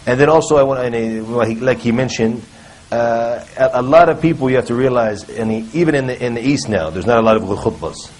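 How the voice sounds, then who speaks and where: A man's voice: mid-range voice, brisk, a little mellow, rough recording. Hesitant male panel speaker. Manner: hesitant, many fillers and restarts. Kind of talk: casual panel talk.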